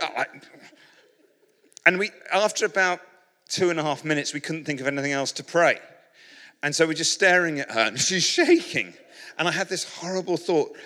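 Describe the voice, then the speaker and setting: Speaking with a British English accent, a man preaches to an audience in a large hall with a reverberant sound, rambling through humorous, self-mocking stories and restarting often. His fairly high voice has lively intonation and a bright, forceful tone, moving fairly quickly but with long pauses.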